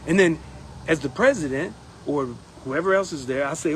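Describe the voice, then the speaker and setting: A man speaking in a casual campaign monologue as a union steward, animated and acting out others in quotes. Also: a little high, normal speed, slight background noise, poor audio. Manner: animated, acts out members' voices in quotes. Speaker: union steward running for president.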